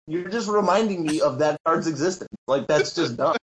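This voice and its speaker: A Magic tournament player on a casual podcast tells a story in a somewhat high voice, talking a little fast. The recording is poor with slight background noise, and he's animated, acting out others' words and laughing often.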